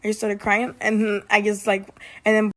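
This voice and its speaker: A young woman telling a personal story in a casual vlog, rambling and filling every pause with "like.". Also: mid-range voice, monotone. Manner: rambling, heavy use of "like". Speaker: vlogger.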